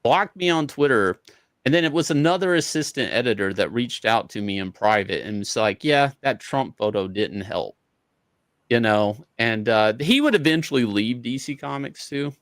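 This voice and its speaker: A man's voice: mid-range voice, lively intonation, normal speed, fairly bright tone, dry recording. A man, a comic book artist, telling a story in an interview in a casual, profane way, acting out both sides of each conversation.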